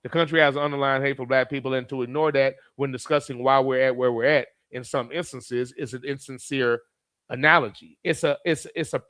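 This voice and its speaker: A man's voice: mid-range voice, a bit bright, clear, resonant tone, no echo. A man who reads viewer comments aloud as a streamer and gives blunt, profane, heated commentary. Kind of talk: profane live commentary reading chat.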